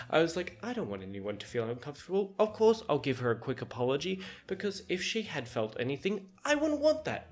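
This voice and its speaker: A podcast host with a fairly high voice tells a work story in casual chat, animated and laughing often as he acts out what people said.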